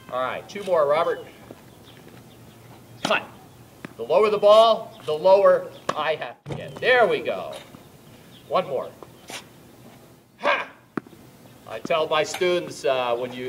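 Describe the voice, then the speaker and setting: A man with a voice on the high side teaches tennis on an outdoor court, explaining volleys, demonstrating shots, and calling out pointers. He talks while hitting balls and gets louder in bursts of coaching. The recording is distant, with a little hiss or hum.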